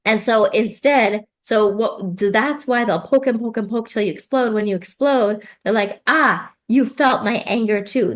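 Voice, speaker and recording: A woman parenting coach explaining advice in conversation, lively, often acting out what parents and kids say. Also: fairly high pitch. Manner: animated, acts out parent and child voices.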